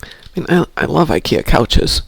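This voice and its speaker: A man hosting a stream, chatting casually and telling stories with animated delivery. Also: fairly high pitch, a little slow, creaky, husky. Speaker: stream host. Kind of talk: casual chat.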